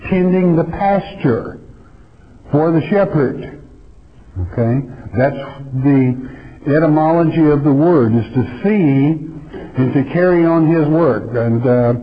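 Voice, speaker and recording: A man preaching a sermon in a folksy, emphatic way, reading scripture slowly and deliberately. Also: a little high. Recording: dull lo-fi recording.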